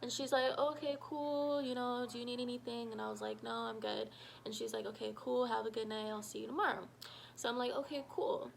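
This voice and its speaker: A woman telling a personal story in a casual vlog, animated and full of fillers, acting out what people said. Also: a little high, brisk, creaky, slight background noise, rough recording. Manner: animated, shouts quoted lines, many fillers. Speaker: storytime vlogger.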